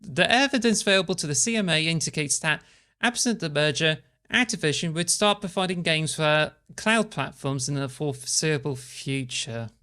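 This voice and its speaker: A man hosting a casual podcast, reading news aloud and steering toward the next topic. His voice is slightly high and bright. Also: animated. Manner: measured, reads articles aloud, segues between topics. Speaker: podcast host.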